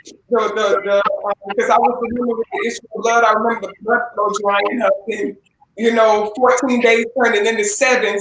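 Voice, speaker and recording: A woman giving a halting, emotional personal testimony as an interview guest, with many fillers and restarts. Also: on the high side, a bit bright, a little hiss or hum. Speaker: interview guest, gospel singer. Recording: echoey room with faint ambience.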